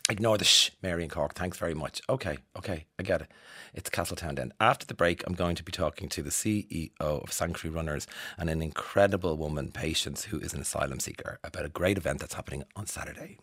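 Chatty Irish man, low voice. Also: fast, sharp tone, breathy edge, dry recording. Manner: chatty, self-mocking, laughs often. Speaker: radio host. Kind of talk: casual radio chat reading listener texts.

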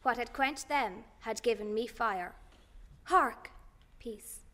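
Steely scheming noblewoman, urgent, commanding, higher voice, long hall reverb. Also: slow, a bit bright. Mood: tense. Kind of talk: classical stage acting.

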